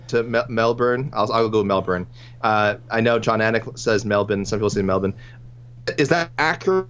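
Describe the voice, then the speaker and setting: A man co-hosting a casual sports podcast, running through listener picks in a rambling, self-correcting way. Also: fairly low pitch. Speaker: podcast co-host. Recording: muffled lo-fi with faint hum.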